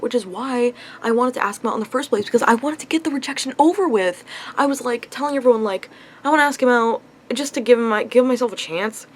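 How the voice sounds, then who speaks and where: A young woman venting about her love life in a confessional vlog, frustrated and upset, sighing often. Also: a little high. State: upset, on the verge of tears. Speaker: vlogger.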